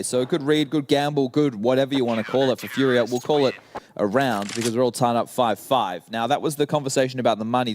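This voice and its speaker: A man doing live esports commentary, calmly breaking down tactics as the match plays. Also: medium pitch, no room sound. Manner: analytical, explains tactics. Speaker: esports caster. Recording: noisy with game sounds behind. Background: gunfire from the game.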